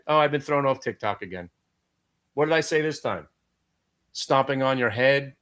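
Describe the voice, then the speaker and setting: Speaking at a moderate pace with lively intonation, this Brooklyn-accented, middle-aged day-trading host has a slightly high, fairly bright voice. He's from Brooklyn, New York, and runs his live stream brashly, swearing and tossing off jokes.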